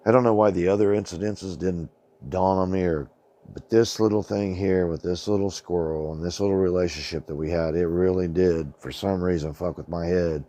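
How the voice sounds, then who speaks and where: A man's voice: low voice, fairly even intonation, moderate pace, mellow. A middle-aged man telling a personal story in a rambling, colloquial way, swearing freely and often saying "man". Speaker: channel host. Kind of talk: casual storytelling monologue.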